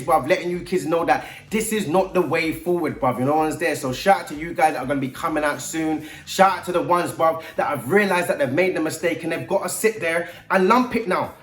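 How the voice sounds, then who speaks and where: A man's voice: high-pitched, a bit bright. A man with a London accent, speaking straight to young people as a mentor in emphatic street slang. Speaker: youth mentor. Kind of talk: direct-to-camera talk to young people. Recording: echoey room.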